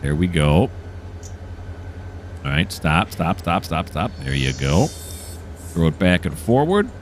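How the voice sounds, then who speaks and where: A man with a low, deep voice talks casually over his gameplay and walks the listener through each move. He sounds keen and chatty, and faint engine and game ambience hums behind him. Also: sing-song, slow pace, slight background noise. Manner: enthusiastic, explains each step as he plays. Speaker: gameplay streamer.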